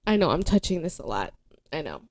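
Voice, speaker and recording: Rambling, animated young woman host. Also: sits low, fairly quick. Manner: rambling and animated, full of fillers and laughs. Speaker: podcast host. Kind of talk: casual chat.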